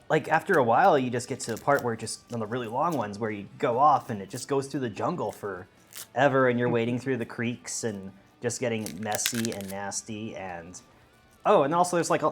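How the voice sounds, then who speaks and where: Rambling man chatting on a stream. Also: mid-range voice. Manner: rambling, many fillers and restarts. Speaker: stream co-host. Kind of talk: casual chat on a charity stream.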